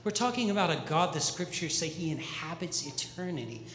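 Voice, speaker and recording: A man's voice: a little high, expressive, brisk, a bit bright. A man from the American Midwest preaching a sermon as pastor, upbeat, joking and conversational with his church. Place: church auditorium. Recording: echoey hall with long reverb.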